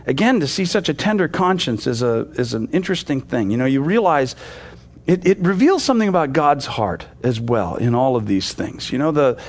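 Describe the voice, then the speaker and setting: A man teaching a sermon in a loose, conversational way, full of "you know" and restarts, growing animated as he retells a story. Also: mid-range voice, moderate pace. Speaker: pastor.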